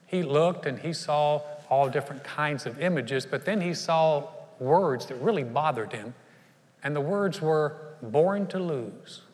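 A male pastor preaching a sermon in an earnest, conversational way, speaking straight to his congregation with questions. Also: a little high. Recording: long reverb of a large church hall.

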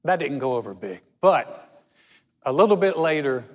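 A man preaching a sermon, telling stories in a conversational way and slowing down for emphasis. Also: on the high side, big pitch swings. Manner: storytelling, conversational with dramatic slow emphasis. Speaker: pastor. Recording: long hall reverb.

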